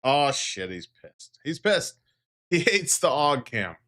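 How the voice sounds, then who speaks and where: A man chatting on a casual livestream, his pitch rising and falling in a lively, animated way. He jokes with viewers, talks to his parrot and laughs a lot, with easy, casual swearing. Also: takes it slowly. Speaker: livestream host.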